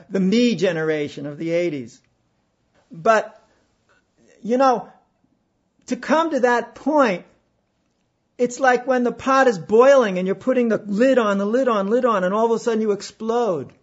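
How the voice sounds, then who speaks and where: A man giving a reflective spiritual talk, halting and emphatic, with pauses and repeated phrases. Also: sits high, muffled recording. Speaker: spiritual speaker.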